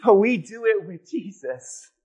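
A man preaching a sermon as pastor, telling stories animatedly and swinging between loud bursts and hushed lines. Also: high voice, big pitch swings, measured pace, slightly rough.

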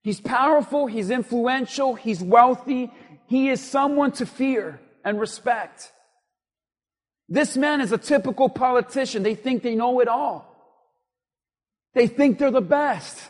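A male pastor delivers a sermon in a strikingly high voice. He hammers home repeated lines in an emphatic cadence that climbs toward near-shouts. The sound rings out with the long reverb of a big sanctuary. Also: unhurried.

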